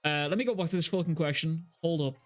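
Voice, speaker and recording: A young man live streaming, reacting to chat messages with excitable, heavily profane talk. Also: on the high side, quick pace, soft background music.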